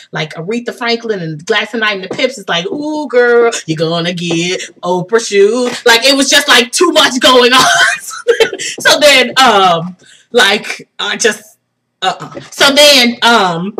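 A young woman telling an excited personal story for her vlog, laughing and swinging from hushed tones to shrieks. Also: mid-range voice, a little hiss or hum. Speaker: vlogger.

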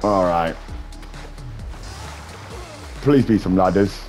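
A man's voice: deep voice, extremely slow, darkish tone, faint music behind. A man casually commentating his gameplay, joking, swearing and bantering with viewers. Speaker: gaming streamer.

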